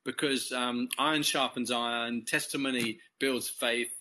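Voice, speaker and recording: An English man tells his story as an interview guest. His tone is bright and ringing, and he wanders through the telling, correcting himself and chuckling as he goes. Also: mid-range voice, steady tone, a little slow, low-quality recording. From England. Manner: rambling, self-correcting storyteller who chuckles often. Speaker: course leader.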